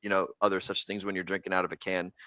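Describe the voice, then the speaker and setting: A young American man hosts a casual livestream, rambling and cursing as he jokes along. His voice is bright and forceful. The sound is dry and close. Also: low-pitched, little pitch movement, fast, no room sound. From United States. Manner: rambling, profane and jokey. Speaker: podcast host.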